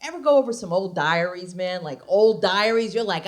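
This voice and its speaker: A woman's voice: medium pitch, animated, normal speed, hardly any pauses, noisy background. A woman comedian performing a stand-up set on a comedy club stage, sassy and conversational with punchy delivery.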